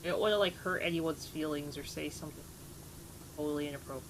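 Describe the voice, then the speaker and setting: A young woman streamer talks to her chat in a relaxed, rambling way, laughing at herself as she goes. Her voice sits a little low for a woman. A faint hiss of background noise runs under the desk mic. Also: fast talker. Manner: chatty, laughs at herself, greets chat warmly. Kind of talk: casual live-stream chat.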